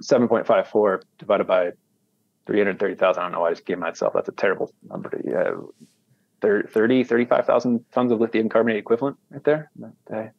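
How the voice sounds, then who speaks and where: A man's voice: on the low side, a little mellow, slightly rough, dry recording. An American man talking casually as an interview guest, rambling with many restarts. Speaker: guest, commodity trader. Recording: dull, dry sound.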